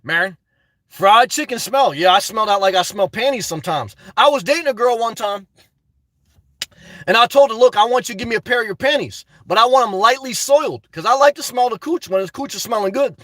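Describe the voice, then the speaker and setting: A man live-streaming, chatting to viewers in a high-energy, effusive way as he answers their messages. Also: expressive, brisk, a bit bright, dry recording. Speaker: live streamer reading chat and donations. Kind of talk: casual live-stream chat.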